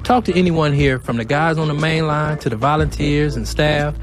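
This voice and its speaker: A man co-hosting a podcast, delivering a measured, scripted introduction. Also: a little high. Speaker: podcast co-host. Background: music.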